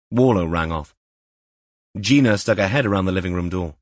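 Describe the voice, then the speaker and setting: A man narrating a crime audiobook in a measured, even way. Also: low voice, dry recording. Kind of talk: scripted narration.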